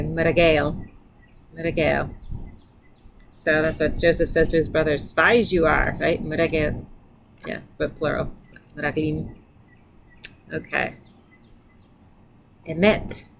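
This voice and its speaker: A middle-aged woman with a low-set voice runs a relaxed vocabulary lesson, sounding each word out several times before explaining it. She talks in a loose, chatty way, full of little asides. A faint hum of room noise sits behind her. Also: creaky, rough recording. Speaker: language teacher. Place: indoors by a sunny window.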